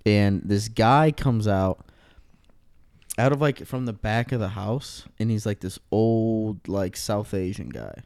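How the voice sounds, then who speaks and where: Young male storyteller, casual and rambling, mellow dry close sound. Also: lowish voice, lively intonation, slow, gravelly, clean tone, no echo. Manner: rambling, heavy on fillers and swearing. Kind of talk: casual podcast chat.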